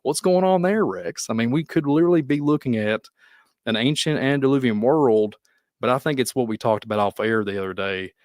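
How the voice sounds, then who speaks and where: A man with a Kentucky accent hosting a podcast, talking in a rambling, animated way with frequent laughs. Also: medium pitch, brisk, dry recording, studio quality. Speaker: podcast host. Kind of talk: casual conversation.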